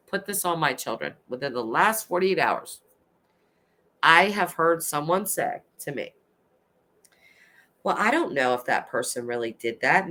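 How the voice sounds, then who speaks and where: A woman's voice: deep voice, pushed and bright. A woman in her thirties hosting a casual livestream, reading chat aloud and ranting with passion, swearing now and then. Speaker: livestream host.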